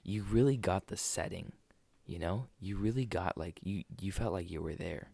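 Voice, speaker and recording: A man's voice: low-pitched, normal speed, creaky, dark tone, breathy edge, no echo. A man co-hosting a podcast, talking casually about movies, rambling and restarting his sentences. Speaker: podcast co-host. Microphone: desk podcast mic.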